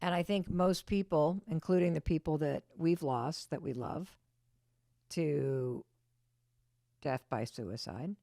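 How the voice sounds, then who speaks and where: Middle-aged woman, podcast host, deep, emphatic and reassuring, dry sound. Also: slow pace, creaky, dark tone, dry recording. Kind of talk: casual podcast conversation.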